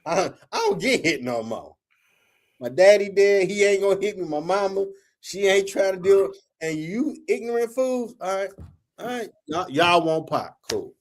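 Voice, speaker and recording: A man in his forties tells a story in a casual, profane way. His voice sits a little high for a man. When he quotes others and himself he pushes it up and gets louder. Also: normal speed. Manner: animated, profane, acts out quotes in raised voice. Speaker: host.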